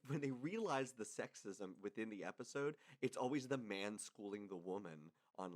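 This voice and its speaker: Deadpan joking man, low voice. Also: normal speed, few pauses. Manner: teasing, deadpan jokes. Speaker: podcast co-host. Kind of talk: casual podcast chat.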